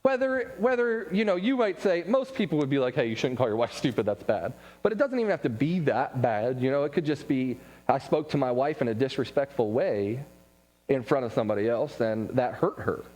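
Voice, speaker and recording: A man giving a casual church class talk, telling stories with quick asides and laughs. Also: mid-range voice, expressive, darkish tone. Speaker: Bible class teacher. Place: church room. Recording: long hall reverb.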